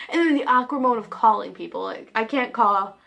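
A woman's voice: fairly high pitch, lively intonation, normal speed, creaky, a bit bright, muffled recording. Giggly teenage girl rambling on her vlog. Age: teens. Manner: giggly, scattered, self-deprecating. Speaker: vlogger. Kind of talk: casual rambling vlog chat.

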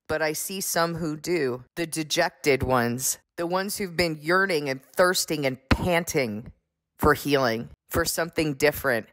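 A woman delivers a stern sermon in a low, grounded voice that climbs when she pushes her point. She keeps hammering her listeners with rhetorical questions. The recording is dry and close, with no room sound. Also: dry recording. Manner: forceful rhetorical questions, rising pitch when pressing the point. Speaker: preacher.

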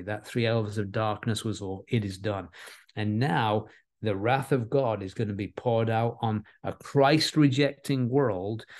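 Low-voiced man preaching a Bible sermon. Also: a little mellow. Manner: earnest, repeats key words, varies his pace for emphasis.

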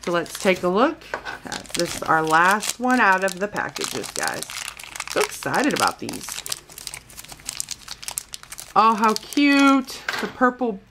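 A woman's voice: mid-range voice, fairly bright tone, slight background noise. A woman vlogger from the United States chatting casually through a toy unboxing, gushing and calling her viewers guys.

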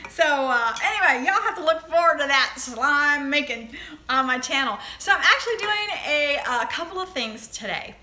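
In an echoey room, a middle-aged woman with a Southern US accent hosts a casual livestream, chatting and greeting viewers by name. Her voice is high and sharp, with lively intonation at a normal speed.

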